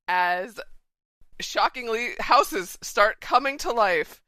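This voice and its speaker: A woman on a podcast recapping a comic chapter in a quick, giggly, playful way. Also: lowish voice, sharp tone, clear, resonant tone, dry recording. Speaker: podcast contributor. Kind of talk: casual podcast chat.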